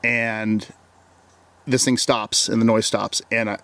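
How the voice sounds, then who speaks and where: Slow and level, with vocal fry and a slightly bright edge to his low voice, an Oregon wilderness guide tells an interviewer about an encounter. The story is long and casual; he keeps repeating words and quoting himself, saying "I'm like."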